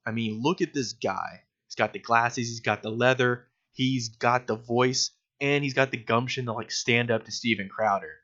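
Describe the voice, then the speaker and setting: A man's voice: medium pitch, normal speed, few pauses, fairly bright tone. A young man giving casual, sarcastic video commentary, mocking his target with lots of fillers. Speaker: political commentator. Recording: dull lo-fi recording.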